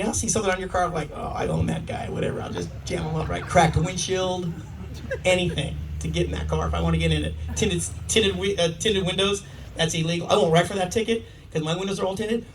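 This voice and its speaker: A man performing a stand-up comedy set, telling animated stories and laughing at his own jokes. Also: sits high, noisy background. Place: comedy club stage. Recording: live room mic, distant, with audience. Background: audience laughter.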